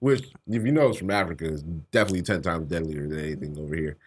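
A man's voice: low-pitched, fast talker, slightly rough. A man co-hosting a podcast in casual chat, loose and joking, laughing often and swearing freely. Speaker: podcast co-host.

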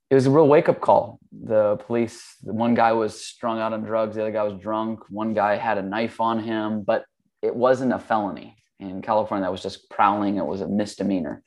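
A man in his forties, a guest in a casual conversation, tells stories in a relaxed, rambling way. His voice is fairly low pitched. His speech is full of fillers and restarts.

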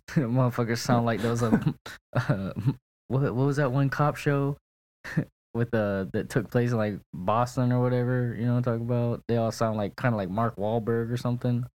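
A man's voice: mid-range voice, steady tone, normal speed, darkish tone, no room sound. A young man co-hosting a casual podcast, laid-back, swearing a lot and laughing often. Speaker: podcast co-host. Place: apartment in St. Petersburg, Florida.

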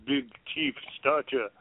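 Male co-host, slow and laid-back, dry close tinny phone-quality audio. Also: on the high side, creaky, no room sound. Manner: laid-back, introduces tracks, casual cursing. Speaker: co-host reviewing an album. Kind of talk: casual radio banter.

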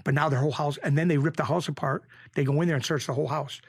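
A middle-aged man, a podcast guest telling rough street stories in a casual, animated way that keeps circling back on itself. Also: on the high side, very fast. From Springfield, Massachusetts. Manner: animated storyteller, rough street talk, repeats himself. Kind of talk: casual storytelling.

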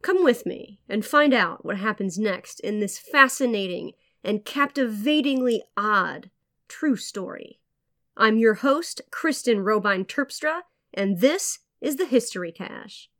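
A woman hosting a history podcast, reading a scripted true story in a measured storytelling manner with wry asides. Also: on the high side, expressive, a bit bright. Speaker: podcast host.

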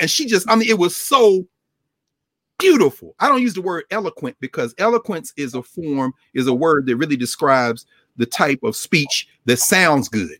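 Male scholar, co-host, impassioned teaching cadence, slightly higher pitch, dry close sound. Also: normal speed, no room sound. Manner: animated, rhythmic, emphatic repetition. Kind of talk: impassioned lecture-style talk.

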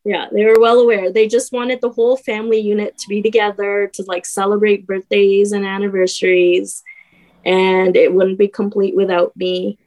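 A woman's voice: medium pitch, little pitch movement, moderate pace, a little mellow, poor audio. A young woman telling her own story as a podcast guest, hesitant, with many fillers and restarts. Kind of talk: personal story in a podcast conversation.

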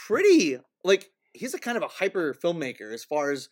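Lively, fairly high-voiced man chatting. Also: fairly quick. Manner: agreeable, fills in with yeahs, loose and rambling. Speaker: podcast co-host. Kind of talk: casual film review chat.

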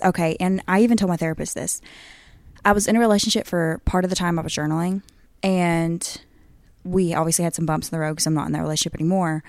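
A young woman co-hosting a podcast, chatting in an upbeat, animated way and laughing often. Her voice sits on the low side, recorded close and dry with no room sound. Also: dry recording. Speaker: podcast co-host. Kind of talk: casual chat.

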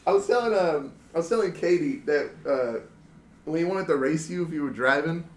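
Lively high-voiced man telling stories. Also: moderate pace. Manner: animated, laughing, acts out friends' lines. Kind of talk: casual storytelling among friends. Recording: echoey room, noisy background.

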